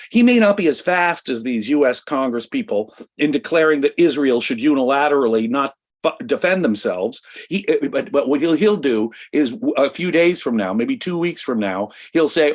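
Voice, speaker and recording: A man's voice: medium pitch, lively intonation, moderate pace. A man from the United States co-hosting a talk show, giving impassioned political commentary and speaking with emphatic conviction. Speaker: co-host.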